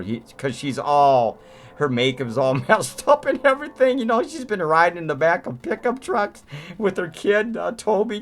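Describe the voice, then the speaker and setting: A man casually reviewing a movie at home, rambling with many fillers, repeating "man" and talking with eager enthusiasm. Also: mid-range voice. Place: home room.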